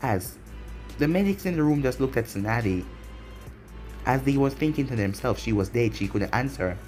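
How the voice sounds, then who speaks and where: A man's voice: medium pitch, animated, normal speed, a little mellow, soft background music. A man narrating a fan fiction audio story in a plain storytelling way.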